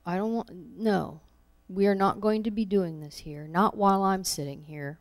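A woman's voice: mid-range voice, normal speed. A woman giving an informal sermon, telling personal stories in a conversational way with laughs, acting out her own thoughts. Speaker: preacher.

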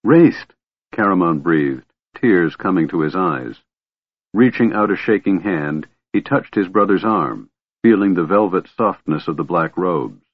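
A male narrator reads a fantasy story in a measured, dramatic way. His voice is deep and husky. The recording is dry and narrow, like a phone line. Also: animated, dry recording. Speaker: audiobook narrator. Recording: tinny phone-like audio.

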